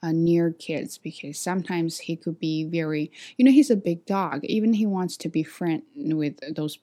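A woman telling a story to camera in a vlog, hesitant with many fillers and restarts, animated when she acts out what others said. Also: deep voice, moderate pace. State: sweaty after a walk. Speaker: vlogger.

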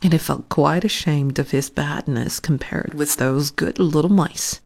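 A woman reading a children's story aloud in a soft, hushed, whispered storytelling voice. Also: low-pitched, unhurried, vocal fry.

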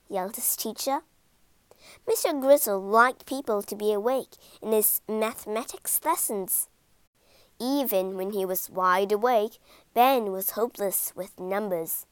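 A woman reading a children's monster story aloud, slowly and expressively. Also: mid-range voice, smooth, dry recording. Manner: slow, expressive read-aloud.

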